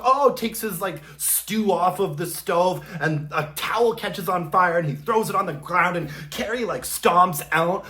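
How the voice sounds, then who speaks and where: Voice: mid-range voice, fairly bright tone. A vlogger giving a casual, rambling recap of a TV episode, with lots of "like"s and spoken sound effects. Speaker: candle review vlogger.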